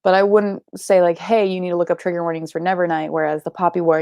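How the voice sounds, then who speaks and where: Young woman host, loose chatty delivery with fillers and swearing; creaky tone, dry room. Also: fairly low pitch, flat delivery, fast talker, few pauses, darkish tone, dry recording. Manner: chatty, swears casually, many filler likes and ums. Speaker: book club live show host. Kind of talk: casual livestream chat reading comments.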